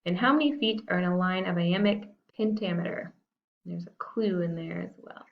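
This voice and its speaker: A woman's voice: fairly low pitch, moderate pace, vocal fry, highs cut off. A woman teacher talking students through a recorded lesson in a casual, self-deprecating way, with frequent fillers. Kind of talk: recorded classroom lesson walkthrough.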